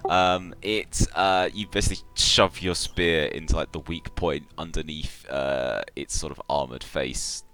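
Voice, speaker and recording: Very deep-voiced game master. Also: male voice, fairly even intonation, measured pace, few pauses, bright, forceful tone, faint music behind. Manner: hesitant, many fillers and restarts. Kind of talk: narrating a tabletop game live.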